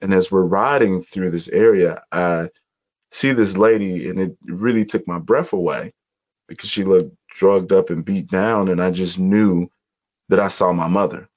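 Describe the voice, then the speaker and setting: A man from Chicago, a podcast guest, telling his life story in an earnest, measured way during an interview. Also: low voice, a little mellow. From Chicago, USA. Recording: dull lo-fi audio.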